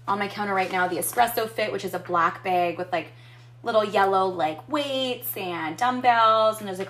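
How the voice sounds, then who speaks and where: A woman's voice: mid-range voice, fairly bright tone. A woman vlogging a casual coffee review from her home kitchen, chatty and upbeat, cursing freely as she talks. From Canada. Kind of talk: casual chat.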